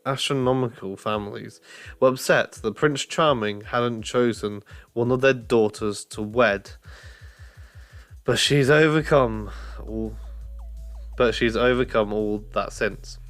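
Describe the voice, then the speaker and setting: A man's voice: medium pitch, takes it slowly, fairly bright tone, soft background music. A man casually reading a storybook aloud, laughing at his own slips and restarting lines. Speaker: reader of a children's book. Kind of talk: casual read-aloud narration.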